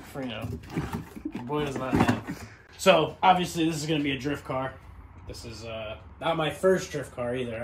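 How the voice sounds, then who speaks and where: A man's voice: medium pitch, background noise. A man giving a casual, rambling tour of his car in a small home garage, swearing freely as he talks. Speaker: garage vlogger. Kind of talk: casual walkaround chat.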